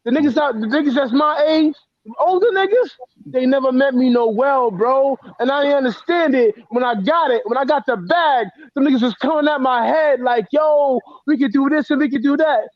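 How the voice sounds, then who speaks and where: A man with a strikingly high voice, telling his story bluntly and with heat as a guest on a talk show. The sound is dry and close, with a dull, lo-fi edge. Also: normal speed, few pauses, dry recording. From the Bronx, New York. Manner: blunt and profane, heated, emotional. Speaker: guest author. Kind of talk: casual interview storytelling.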